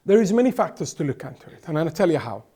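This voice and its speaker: A man from the Middle East speaks as an interview guest, emphatic and impassioned, circling back with repeated words and restarts. His voice sits fairly high yet sounds dark and mellow. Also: sing-song, quick pace, husky. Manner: emphatic, with frequent restarts and repetitions. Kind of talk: impassioned political commentary.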